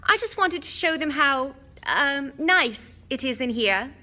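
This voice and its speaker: A woman doing a bright, earnest schoolgirl. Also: high-pitched, lively intonation, slow pace, voice pushed up, full character voice. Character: clever, earnest schoolgirl, about twelve. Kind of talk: audiobook reading.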